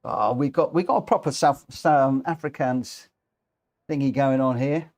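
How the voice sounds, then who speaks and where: A man's voice: medium pitch, unhurried, darkish tone. A man from the United Kingdom commentating his live racing game stream, chatting to viewers and reading out the race results.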